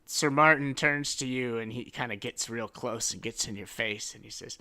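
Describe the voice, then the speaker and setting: A man's voice: mid-range voice, normal speed, hardly any pauses, bright, forceful tone. A man narrating as game master in a casual, rambling way. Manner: casual, rambling, filler-heavy.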